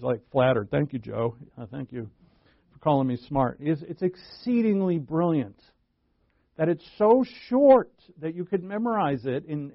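A man preaches a sermon in a fairly high voice, punching key words with sudden jumps in pitch and mixing in folksy asides. The recording sounds dull and lo-fi, with a dry, close sound and no room echo.

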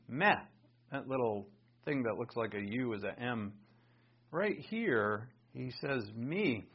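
A man teaching a Bible lesson in sermon style, conversational and animated, raising his voice for emphasis. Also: medium pitch, breathy edge. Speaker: pastor teaching. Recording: dull lo-fi recording.

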